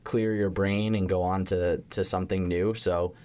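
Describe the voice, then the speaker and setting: A man's voice: sits low, normal speed, clear, resonant tone. A young adult man, a chef and restaurateur, talking casually in an interview with lots of "like" fillers and the odd swear word. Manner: animated storytelling, heavy use of "like", occasional swearing.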